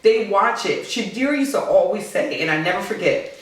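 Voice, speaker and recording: A woman's voice: mid-range voice, lively intonation, fairly quick. A woman in her forties, a podcast guest, talking in a heartfelt, earnest and outspoken way as a mother. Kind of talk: casual podcast chat. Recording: echoey room, distant mic.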